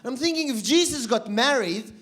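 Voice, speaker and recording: A high-voiced man doing stand-up on a live comedy stage. He talks in quick bursts with many asides and swears freely. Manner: animated, rapid asides, lots of swearing.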